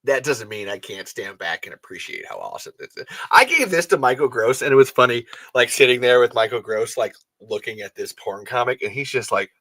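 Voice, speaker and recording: A man hosting a fan show in loose, rambling chat. His voice is bright and forceful, his delivery excitable and full of swearing. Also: mid-range voice. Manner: excitable, profane, rambling, quick to laugh. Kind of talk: casual chat.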